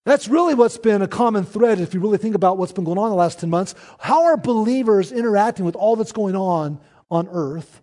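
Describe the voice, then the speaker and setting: A man preaching a sermon to his church, in an earnest, conversational way with pauses. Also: high voice, expressive, warm tone. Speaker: pastor.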